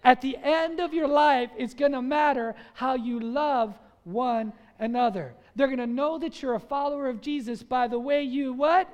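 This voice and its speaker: A man preaching a sermon as pastor, lively and drawing call-and-response from the congregation, acting out little scenes. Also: very high voice, moderate pace, hardly any pauses, smooth. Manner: acts out scenes in quoted voices.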